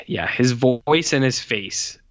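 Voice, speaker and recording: A man's voice: medium pitch, expressive, slow pace. A man co-hosting a casual film review chat, blunt and scornful, swearing freely. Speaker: podcast co-host. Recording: dull lo-fi sound.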